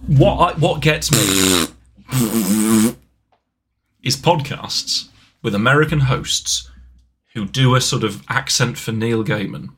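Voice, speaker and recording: A man co-hosting a podcast, chatting casually in an animated, playful way, with asides and restarts. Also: mid-range voice, takes it slowly, pauses often, slightly rough. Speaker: podcast co-host. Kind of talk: casual banter.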